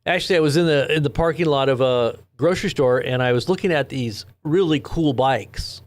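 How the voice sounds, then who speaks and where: A man's voice: medium pitch, brisk, no room sound. A man hosting a late-night live news stream, chatting loosely with viewers and rambling through stories, speaking into his own microphone. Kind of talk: casual live-stream chat, reading viewers' comments. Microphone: own desk microphone.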